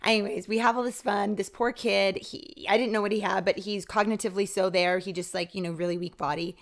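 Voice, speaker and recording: A woman guest on a podcast telling a personal story in casual talk, acting out quoted dialogue with lively shifts. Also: mid-range voice, brisk. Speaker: podcast guest, author and speaker.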